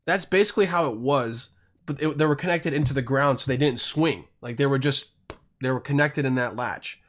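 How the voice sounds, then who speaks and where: A man's voice: mid-range voice, fairly quick. A man from Europe hosting a podcast, telling a rambling, crude story in a casual monologue full of swearing and self-interruptions. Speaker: podcast host.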